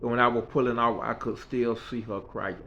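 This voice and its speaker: A man's voice: medium pitch, fairly even intonation, fairly quick, fairly bright tone, a little hiss or hum. A man casually telling a personal story in a rambling, folksy way that often repeats itself. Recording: dull lo-fi recording.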